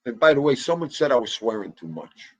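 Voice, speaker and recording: A man hosting a casual livestream, loud and excitable, chatting straight to his viewers. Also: medium pitch, fairly quick, no room sound. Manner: loud, excitable, talks to chat. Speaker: livestream host.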